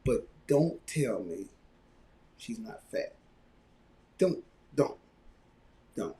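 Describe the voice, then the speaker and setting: A man hosting a live podcast, ranting loudly and mockingly. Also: mid-range voice, very slow. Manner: loud, animated ranting with mocking quoted voices. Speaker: podcast host.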